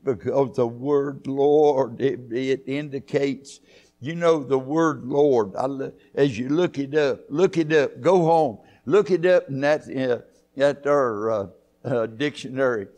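A man preaching a church sermon, fervent, rising to loud high peaks and throwing in hallelujahs. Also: slow. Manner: punctuates with hallelujahs and amens. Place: church sanctuary.

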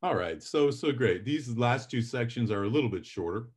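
A man's voice: mid-range voice, expressive, normal speed, slightly rough. A middle-aged man teaching public speaking in a live lecture, chatty and self-deprecating, acting out his examples with drama.

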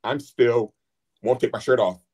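A man's voice: medium pitch, measured pace, darkish tone, breathy edge. Man, 40s, show guest, candid and rambly, lots of fillers. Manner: earnest, rambling, full of fillers. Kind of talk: candid personal talk.

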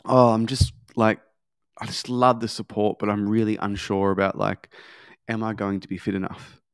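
A man's voice: lowish voice, flat delivery, moderate pace, clean tone, no echo, natural voice. A hesitant woman weighing up a gym program, as a man acts her out, unsure of herself, letting her sentences trail off. The sound is dry and close, with no room around it. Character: hesitant female gym prospect, unsure and chatty.

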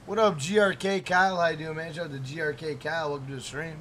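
A man's voice: a little high, fairly even intonation, quick pace, a bit bright, slight background noise. A man live-streaming a game, chatting casually, swearing and joking as he reads out viewer messages.

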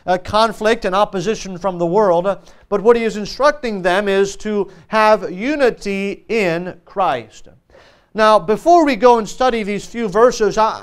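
An American man in the role of pastor, reading scripture slowly and then preaching a sermon with frequent fillers and restarts. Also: sits high, clean tone.

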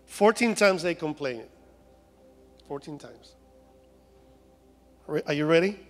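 Mexican-accented preacher with a high voice. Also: male voice, lively intonation, takes it slowly, in a large hall, faint music behind. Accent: Mexican Spanish. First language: Spanish. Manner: humorous, acts out voices of complaining people. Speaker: guest preacher. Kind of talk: sermon. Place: church sanctuary.

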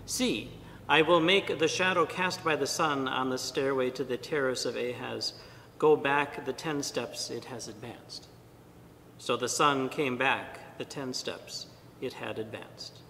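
Bright-voiced priest in a reverberant church. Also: male voice, creaky. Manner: measured, deliberate reading with pauses. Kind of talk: liturgical reading and homily. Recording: long church reverb, faint rumble.

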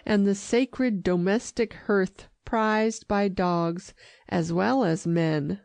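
A conceited, sulky little male dachshund from a storybook, grumbling and puffed up with his own importance, voiced by a woman reading aloud. The voice is slow and gravelly, set in a dry, close sound. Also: medium pitch, fairly even intonation, a little mellow, no room sound. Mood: sulky, indignant. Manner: sulky, irritable.

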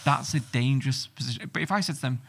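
A man's voice: mid-range voice, fast, gravelly, husky. A middle-aged man talking bluntly and swearing freely as a guest in a casual podcast chat. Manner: blunt, sweary, animated storytelling.

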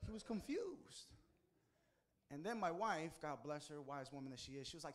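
A man from the United States, a pastor, preaching a sermon in a storytelling way and pushing his voice higher and louder for emphasis. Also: animated, moderate pace.

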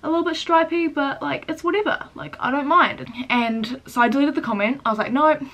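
Teenage girl, casual vlog chat, fast and earnest, near tears. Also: high voice, a bit bright. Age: teens. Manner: chatty and quick, turning earnest and upset. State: close to tears. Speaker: vlogger. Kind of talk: casual day-in-the-life vlog and rant.

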